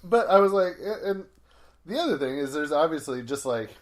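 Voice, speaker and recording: A man's voice: on the high side, lively intonation, fairly quick. A man, a comedian, telling long rambling stories in casual podcast chat, full of fillers and swearing.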